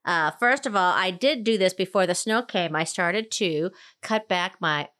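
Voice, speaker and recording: A woman co-hosting a gardening podcast, talking in an easygoing way and quick to laugh. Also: on the low side, a bit bright. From Colorado. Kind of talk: casual chat.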